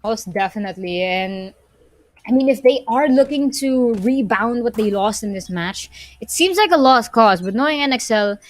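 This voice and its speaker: A woman giving live play-by-play commentary on an esports match, excitable and quick to exclaim at big plays. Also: fairly high pitch, no room sound. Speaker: esports caster.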